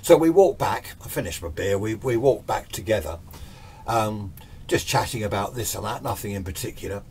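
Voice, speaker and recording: A man's voice: lowish voice, animated, normal speed, a little mellow, a little hiss or hum. An older man telling a ghost story in a rambling, chatty, self-deprecating way. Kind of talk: casual spoken ghost story.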